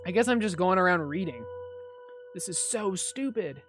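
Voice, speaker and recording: Chatty woman streamer, low voice. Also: animated, moderate pace, over music. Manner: chatty, reads on-screen text aloud, frequent laughs. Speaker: streamer playing a fan-made game. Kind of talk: live game commentary.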